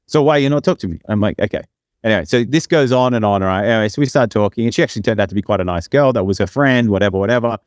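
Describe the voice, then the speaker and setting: Man, podcast co-host, casual rambling storytelling, filler-heavy, low pitch, dry sound. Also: very fast, hardly any pauses, no echo.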